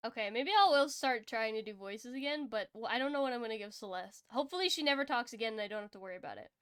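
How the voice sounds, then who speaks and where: Giggly woman streaming a game, high voice. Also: fast, fairly bright tone, smooth, no echo, studio quality. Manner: giggly, swears freely. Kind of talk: casual gaming stream commentary.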